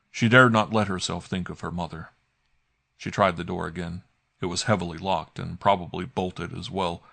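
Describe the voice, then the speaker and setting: A man reads a mystery audiobook in an even, measured manner. His very low voice carries a gravelly edge. The sound is close and completely dry. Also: no room sound. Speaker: audiobook narrator. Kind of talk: scripted narration.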